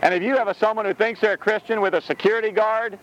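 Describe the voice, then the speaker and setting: A man preaching a sermon outdoors in a rhetorical, animated way, laughing between his points. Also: high voice, fast talker, muffled recording, noisy background.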